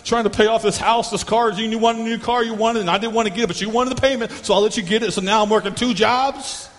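A man's voice: sits high, fairly even intonation, fast, fairly bright tone, big-room sound. A man as an aggrieved overworked husband. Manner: defensive, listing grievances.

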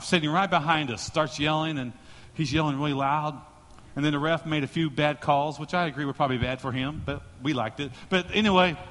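A male pastor delivers an animated sermon, mixing jokes with storytelling. His voice is high and bright. A long reverb fills the sanctuary around him. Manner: storytelling, joking, animated preaching.

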